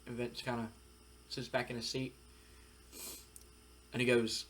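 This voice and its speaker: A man narrates a wrestling sim playthrough in casual let's-play style. His voice sits at an ordinary pitch for a man, and his delivery is rambling, with plenty of fillers. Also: flat delivery, unhurried, pauses often, fairly bright tone, slight background noise. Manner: loose, rambling retelling with fillers. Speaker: game commentator.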